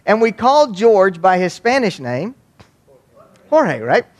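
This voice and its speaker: A man's voice: sits high, unhurried. A man from Waco, giving a humorous storytelling talk on youth ministry to an audience. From Waco, Texas. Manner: folksy, joking, animated.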